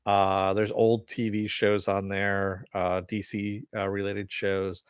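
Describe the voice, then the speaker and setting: The man speaks slowly in a fairly low, smooth voice with a completely flat delivery, on a dry recording. He hosts a podcast, casually reading listener comments and rambling about entertainment news with a laid-back, profane manner and plenty of laughs.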